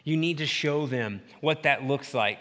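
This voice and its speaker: A man preaching a sermon as pastor, animated, acting out little scenes with quick voices. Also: fairly high pitch. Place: church sanctuary. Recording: church hall reverb.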